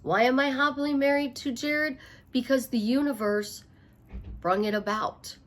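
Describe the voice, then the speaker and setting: Middle-aged lady life coach, bit high voice, punchy and repetitive, jokey asides. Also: steady tone, normal speed. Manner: emphatic, repetitive, playful asides. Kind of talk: motivational talk to camera.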